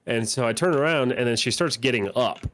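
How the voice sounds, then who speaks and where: A man co-hosting a casual podcast over a video call, telling a story in an animated way and swearing freely. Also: mid-range voice, brisk. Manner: animated storyteller, acts out voices in quotes. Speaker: podcast co-host.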